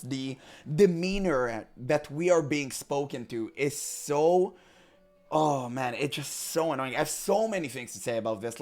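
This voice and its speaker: A man hosting gaming commentary, hoarse from illness with frequent voice cracks, ranting in an emphatic, exasperated way. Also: mid-range voice.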